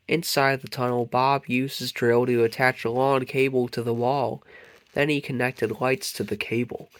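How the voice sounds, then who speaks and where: A man reading a children's picture book aloud in a gentle, expressive storytelling manner. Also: medium pitch, moderate pace, smooth, no echo. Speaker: narrator.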